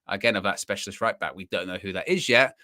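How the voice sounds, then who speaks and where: Bright-voiced male fan-show host. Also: low voice, fast talker, dry recording, studio quality. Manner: chatty, banters and plugs the channel. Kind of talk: casual live-stream chat.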